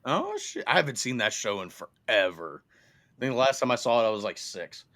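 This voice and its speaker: A man's voice: lowish voice, animated, a little fast, a bit bright. A man hosting a podcast, telling stories in a laid-back way, laughing often and swearing casually. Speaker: podcast host.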